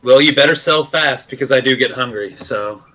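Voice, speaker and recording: A man player joking loudly in character at the table. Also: mid-range voice, moderate pace, rough recording. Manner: loud, joking.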